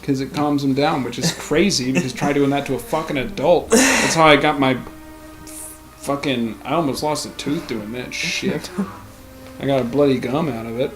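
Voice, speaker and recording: A man's voice: mid-range voice, normal speed, faint music behind. A young man hosting a let's play, telling rambling stories in casual chat, swearing freely and laughing often. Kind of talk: casual chat over gameplay.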